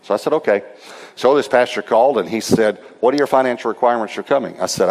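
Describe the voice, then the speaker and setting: A middle-aged male pastor with a medium-pitched voice preaches fast, spinning humorous stories with quoted dialogue in an animated style. A long hall reverb surrounds his sermon.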